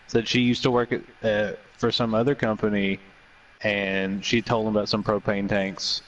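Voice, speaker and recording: A man in casual chat, telling stories in an animated, profane way. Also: on the low side, recorded from a distance, dull audio.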